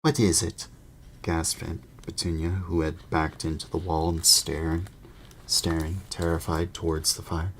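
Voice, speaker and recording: A man reading a children's fantasy novel aloud in a measured way, with occasional small restarts. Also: very deep voice, monotone, fairly bright tone, slight background noise. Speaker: audiobook narrator. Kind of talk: storybook read-aloud.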